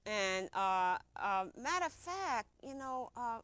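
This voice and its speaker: Speaking slowly in a high-leaning, very animated voice, a woman tells a personal story in casual, informal conversation, repeating herself and acting out others' words. Her tone is fairly bright, clear and resonant, captured in a dry recording.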